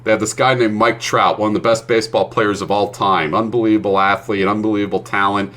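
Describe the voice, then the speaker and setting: A man's voice: fairly low pitch, little pitch movement, fast, a bit bright, a little hiss or hum. A male streamer chatting casually while he plays, ranting with plenty of swearing. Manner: profane, ranting.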